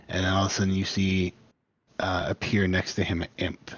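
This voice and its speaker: A man's voice: low-pitched, completely flat delivery, moderate pace, a bit bright, no room sound, dull audio. A man narrating as game master of a tabletop game, laid-back and rambling.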